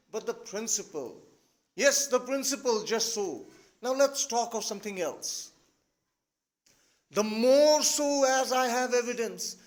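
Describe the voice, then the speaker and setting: A man reading aloud as a nervous, hypochondriac young landowner, in a fretful, complaining way. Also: extremely high pitch.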